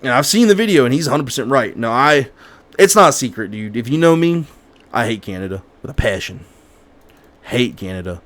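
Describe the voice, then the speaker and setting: A young man chats on his gaming stream in a loose, rambling way, often restarting sentences and tripping over a word now and then. His voice sits at an ordinary middle pitch for a man. He sounds relaxed and unscripted. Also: fast talker. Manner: rambling, self-correcting with frequent restarts; stammers at times. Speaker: streamer and podcast host. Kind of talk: casual chat while gaming.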